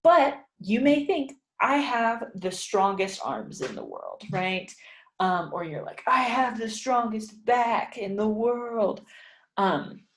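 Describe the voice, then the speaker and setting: A woman teaching an English writing lesson, thinking aloud with many fillers and repeating example sentences slowly for learners. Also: mid-range voice, roomy sound. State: yawning, sleepy. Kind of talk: casual spoken lesson, writing practice.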